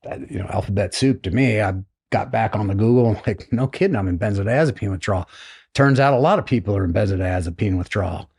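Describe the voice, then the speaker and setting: A man's voice: lowish voice, quick pace, creaky, slightly rough. A middle-aged American man, a retired naval flight officer, telling his story casually as a podcast guest and acting out the voices of people in it. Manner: animated storyteller, acts out quoted voices.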